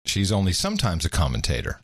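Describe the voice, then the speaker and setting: A podcast host from Europe, talking in a loose, joking way. His pitch swings widely as he goes. The sound is close and dry, with no room at all. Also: husky, dry recording. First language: Dutch. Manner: animated, chuckling, quick to joke. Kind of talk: casual talk.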